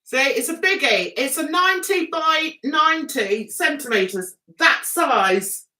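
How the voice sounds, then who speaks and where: An English woman hosting a casual livestream chat, her voice bright and a touch high. She talks slowly and rambles, calling her viewers "guys", and she is losing her voice. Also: animated, rough recording. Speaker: livestream host.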